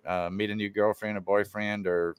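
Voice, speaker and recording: A man's voice: fairly low pitch, level tone, normal speed, clear, resonant tone, no room sound, studio quality. A man hosting a casual live-stream chat, telling stories in a laid-back way and swearing freely. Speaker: live stream show host.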